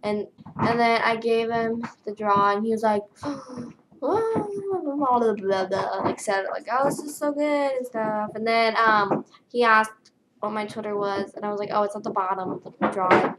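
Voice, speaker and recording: A young woman vlogger tells a story in a tired, flat way and fills it with lots of "like" and "um". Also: medium pitch, heavy background noise. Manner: tired, flat delivery with many fillers. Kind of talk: casual storytelling vlog.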